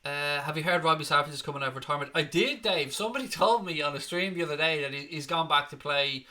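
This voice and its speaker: A man's voice: a little high, quick pace, pushed and bright. A man hosting a football fan channel, reading viewer comments aloud and answering them in a blunt, sweary, chatty way. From Northern Ireland or Ireland. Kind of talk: casual livestream chat.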